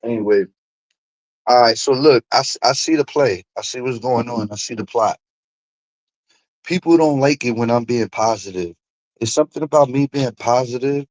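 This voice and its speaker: A man's voice: mid-range voice, moderate pace, no room sound, low-quality recording. A man hosting a stream, ranting casually and profanely, with mocking asides. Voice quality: animated, profane, mocking impressions. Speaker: streamer host.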